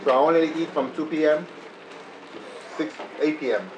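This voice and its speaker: A woman's voice: sits low, a little slow. A woman hosting a casual eating video at home, chatting loosely with many fillers and restarts. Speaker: mukbang vlogger host. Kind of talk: casual chat while cooking and eating. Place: home dining table with sizzling grill. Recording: echoey room with sizzling food noise.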